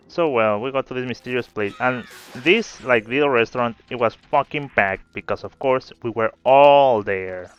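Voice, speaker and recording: A man's voice: medium pitch, unhurried, clean tone. A man telling a story in a casual, rambling way while playing a game, swearing now and then. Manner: rambling, swearing, laid-back. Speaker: gameplay video creator. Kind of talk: casual gameplay commentary with storytelling. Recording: slightly dull audio with faint game music. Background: faint game music.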